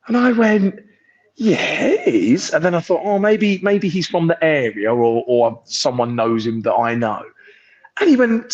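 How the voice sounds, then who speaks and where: A young man tells holiday stories as a podcast guest, bouncing up and down in pitch as he acts out what others said. His voice sits fairly high for a man. The call audio is dull and lo-fi. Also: moderate pace, breathy edge. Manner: excitable storyteller, acts out voices. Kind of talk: casual chat. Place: holiday resort, on a sunbed. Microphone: video call.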